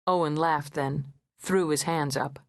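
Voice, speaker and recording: A woman narrating an audiobook in the first person, in a sardonic, measured manner, recorded in a studio. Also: deep voice, steady tone, dry recording.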